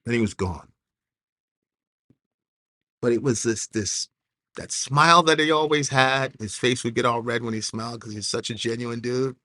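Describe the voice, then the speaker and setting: A man speaks with a bright, forceful edge in a dry, close sound. He tells a personal story earnestly, stopping and restarting and leaning on filler words as he searches for each phrase. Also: mid-range voice, moderate pace, pauses often, no echo. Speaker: interview guest. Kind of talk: emotional personal testimony.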